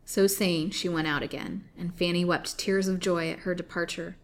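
A woman reading an old serialized novel aloud in an expressive, dramatic way. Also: lowish voice, moderate pace, hardly any pauses. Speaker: storyteller.

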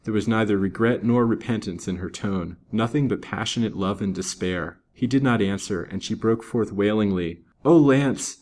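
Low-voiced man reading a melodrama. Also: darkish tone. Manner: measured, dramatic reading. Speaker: storyteller. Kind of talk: scripted narration of a Victorian novel.

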